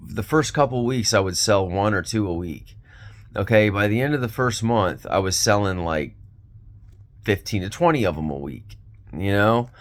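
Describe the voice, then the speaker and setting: A man angrily telling a rambling, profane story about an exploitative former boss, full of fillers and restarts. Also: lowish voice. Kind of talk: ranting storytime vlog.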